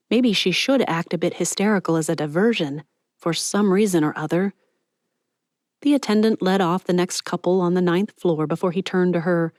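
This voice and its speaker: Woman reading an audiobook, calm even pace, super dry studio sound. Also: fairly low pitch, no echo. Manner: measured, even storytelling. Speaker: audiobook narrator. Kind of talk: scripted narration.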